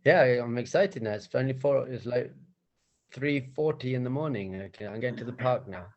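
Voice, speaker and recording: Gravelly-voiced man telling a playful story. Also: mid-range voice, normal speed, a little mellow, dull audio. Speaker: rabbi. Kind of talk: storytelling talk to a group.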